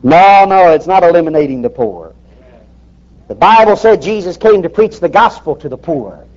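A man's voice: high voice, expressive, normal speed, a little mellow. A man preaching a fiery sermon in an emphatic, folksy way, firing rhetorical questions at the congregation. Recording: dull lo-fi recording.

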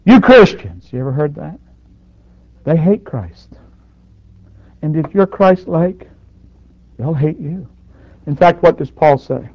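A man preaching a sermon, surging loud on his points and dropping to near quiet, with dynamic swings in force. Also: fairly high pitch, animated, takes it slowly, pauses often, dry recording. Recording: dull dry lo-fi recording.

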